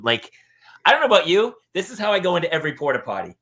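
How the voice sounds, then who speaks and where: Man, comic storyteller, lively swooping pitch, bright forceful tone, acts out yelling voices. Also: racing. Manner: animated, acts out shouting voices in stories. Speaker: podcast host. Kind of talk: comedic storytelling chat.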